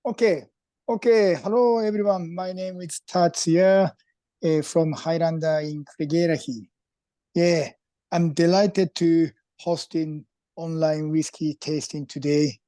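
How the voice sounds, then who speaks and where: A man with a Japanese accent, a guest leading an online whisky tasting in halting, joking English over a video call. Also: on the high side, fairly even intonation, dark tone, no room sound.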